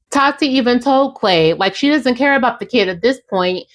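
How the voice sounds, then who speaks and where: A woman's voice: mid-range voice, expressive, a little slow, hardly any pauses. A young adult woman hosting a casual podcast, recapping a reality show in a chatty, sassy way and speaking straight to her listeners. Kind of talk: casual recap, acting out quotes.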